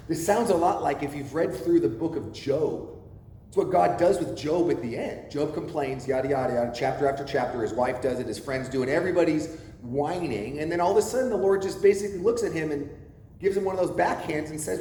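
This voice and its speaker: Animated preacher man in an echoey hall. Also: on the high side, a little fast. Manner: animated, asks the congregation questions. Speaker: pastor. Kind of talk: sermon. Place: church sanctuary. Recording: echoey church hall, faint noise.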